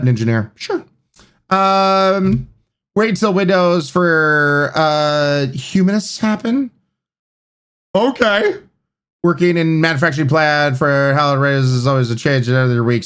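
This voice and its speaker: A man's voice: a little high, a bit bright. A man streaming live, chatting casually, reading out chat and rambling with lots of fillers. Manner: rambling, reads chat aloud, many fillers.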